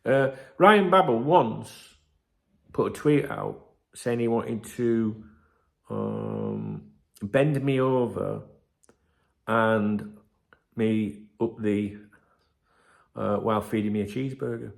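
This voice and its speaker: Bloke rambling about football, swears a lot, gravelly voice that jumps up and down. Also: male voice, fairly low pitch, lively intonation, slow pace, long pauses. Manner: rambling, swears freely, many fillers and asides. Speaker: football fan channel host. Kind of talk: casual solo commentary.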